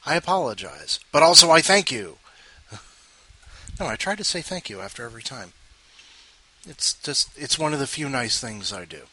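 A male podcast host with a bright, forceful voice that swoops up and down a lot. He rambles through casual chat with self-mocking asides. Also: medium pitch, big pitch swings, moderate pace, long pauses, slightly rough.

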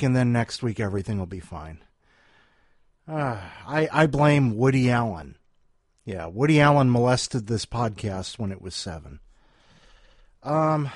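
Rambling man hosting a podcast, lively pitch. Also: no room sound, clean studio sound. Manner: rambling, self-deprecating, talks to his cat between segments. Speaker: podcast host. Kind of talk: casual chat. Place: at home, doing laundry with coffee.

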